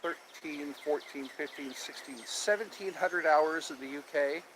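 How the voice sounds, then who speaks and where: A cheerful man runs a relaxed outdoor live stream in nature, birds chirping around him, greeting viewers and repeating himself as he chats. He speaks a little slowly in a slightly high voice, with background noise in the recording.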